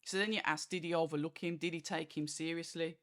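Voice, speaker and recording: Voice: mid-range voice, fairly even intonation, quick pace, fairly bright tone. Chatty boxing vlogger. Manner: chatty and rambling, fillers like "like" and "you know", acts out quoted reactions. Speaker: boxing channel host. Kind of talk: casual fight review monologue.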